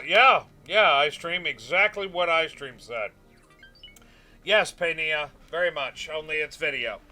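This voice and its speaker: Streaming a space game, a young man speaks a little high, in a bright, forceful tone. His casual stream chat with viewers involves replying to chat and frequently drifting off into "uh" and "um."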